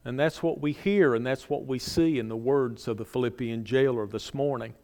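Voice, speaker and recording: Earnest preaching man in reverberant church. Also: normal speed. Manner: earnest preaching, repeats phrases for emphasis, drops low and soft at line ends. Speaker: pastor. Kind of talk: sermon. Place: church sanctuary. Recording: long hall reverb.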